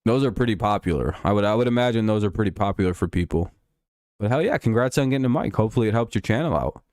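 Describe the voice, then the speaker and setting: A man's voice: on the low side, fast talker, no room sound, studio quality. A man hosting a live stream, calling a football game play by play and chatting casually with viewers, with profane banter. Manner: relaxed play-by-play mixed with profane banter with chat.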